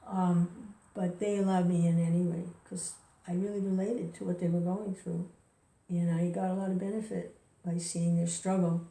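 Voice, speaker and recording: A woman who rambles and chuckles through a casual spoken reflection, chanting softly between her thoughts. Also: on the low side, vocal fry. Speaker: devotee sharing reflections. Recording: roomy distant recording.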